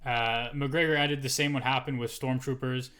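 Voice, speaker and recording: A man co-hosting a podcast, reading entertainment news aloud between casual banter. His voice is bright and forceful, with a playful, profane manner. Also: medium pitch, steady tone, normal speed, clear, resonant tone. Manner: swears freely, playful. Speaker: podcast co-host.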